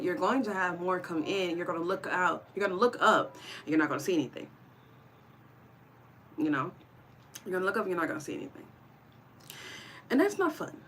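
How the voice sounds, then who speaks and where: A woman's voice: fairly low pitch, fairly bright tone. A woman giving a casual tarot reading to her viewers, chatty and encouraging, calling them y'all. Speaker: tarot reader.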